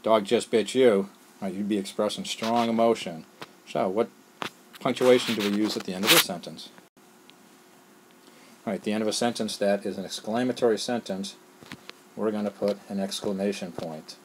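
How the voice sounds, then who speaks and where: A man's voice: fairly low pitch, brisk, pauses often, noisy background. A man teaching a lesson on a screencast, explaining step by step with patience and often asking "all right?".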